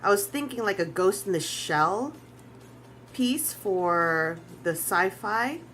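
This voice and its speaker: A woman's voice: mid-range voice, animated, takes it slowly, a bit bright, a little hiss or hum. A woman artist chatting casually on a live stream as she draws, rambling, restarting sentences and swearing freely. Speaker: artist streaming while drawing.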